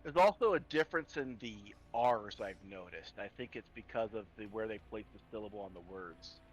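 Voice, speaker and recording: A man's voice: on the low side, expressive, fairly quick, slight background noise, rough recording. A man running a tabletop horror game as game master, often stalling on fillers and restarting sentences. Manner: hesitant, many fillers and restarts.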